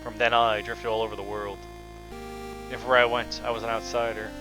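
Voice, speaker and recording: A man voicing a dying male game villain, reading the lines quietly and somberly. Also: on the low side, level tone, fast talker, over music, close to an everyday voice, poor audio. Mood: bitter, mournful. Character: dying bitter male villain, lifelong outsider. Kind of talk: reading game dialogue aloud.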